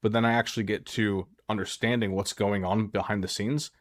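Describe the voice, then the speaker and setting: A man's voice: fairly low pitch, fairly even intonation, fairly quick, no room sound, clean studio sound. A man talking as a relationship recovery coach, giving firm, earnest advice in a direct, emphatic way. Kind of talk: direct-to-camera advice talk.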